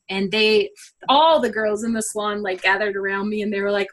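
A middle-aged woman, a guest, telling a personal faith story in an earnest, animated way with many fillers. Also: medium pitch, brisk. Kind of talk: personal testimony in a conversation.

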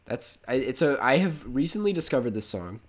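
A man's voice: medium pitch, big pitch swings, brisk. A young man with a cold hosting a casual podcast, rambling and correcting himself, laughing easily. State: has a cold. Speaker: podcast host.

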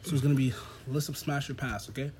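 A man's voice: medium pitch, steady tone, quick pace, a little mellow, a little hiss or hum. A young man hosting a podcast, chatting casually, laughing often and quizzing his guests. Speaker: podcast host. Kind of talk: casual chat.

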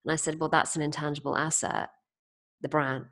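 A woman's voice: low voice, flat delivery, a little fast, fairly bright tone. A woman hosting a podcast, telling stories in an amused, thoughtful way in a casual conversation. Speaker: podcast host.

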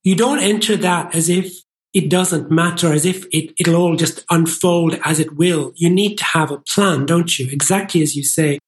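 An interview host asking measured, thoughtful questions and encouraging the guest. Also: medium pitch.

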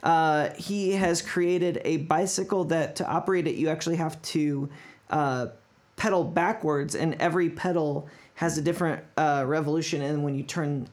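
Podcast host just chatting thru a story, lots of restarts, mid pitch. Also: steady tone, normal speed. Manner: rambling storytelling with many restarts. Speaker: podcast host presenting a segment. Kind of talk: casual podcast chat.

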